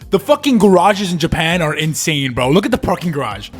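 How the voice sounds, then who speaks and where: A man's voice: on the high side, big pitch swings, a little fast. A young man in his early twenties from Canada, telling a travel story in a laid-back, slangy voice-over. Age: early 20s. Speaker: travel vlogger. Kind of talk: casual voice-over narration. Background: faint background music.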